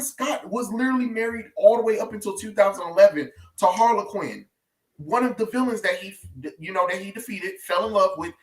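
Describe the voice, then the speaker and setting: A man in casual pop culture chat, animated and rambling as a podcast co-host. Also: sits high, fairly quick, recorded from a distance. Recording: echoey room, off-mic.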